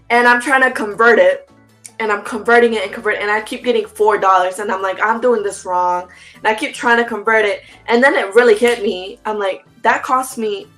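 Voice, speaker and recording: A woman's voice: mid-range voice, low-quality recording. A young woman, an interview guest, telling a story in casual chat with slang and acted-out quotes. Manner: animated, fast slangy storytelling with reenacted quotes.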